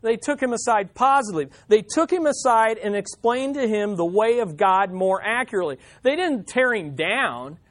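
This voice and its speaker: Man preacher, kinda high voice, chatty bible teaching, keeps asking the room questions. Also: expressive, normal speed, hardly any pauses, a bit bright. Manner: conversational, questions the listeners.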